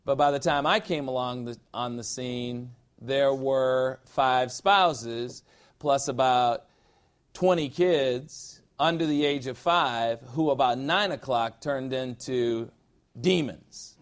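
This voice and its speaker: A man's voice: medium pitch, slow pace, clean tone. A middle-aged man preaching a conversational sermon as pastor, informal and emphatic, repeating phrases for effect.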